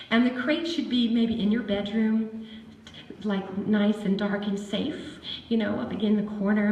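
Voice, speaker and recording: Woman seminar speaker, chatty and animated, roomy echo, light background noise. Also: medium pitch, distant mic. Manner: animated and chatty, acts out dog voices. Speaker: dog behavior speaker. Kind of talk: seminar talk to a live audience. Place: seminar hall. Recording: echoey room with faint ambience.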